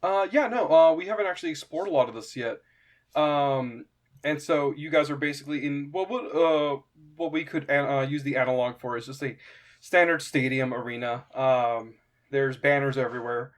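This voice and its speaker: Young man narrating as game master. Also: medium pitch. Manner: halting, lots of fillers and restarts.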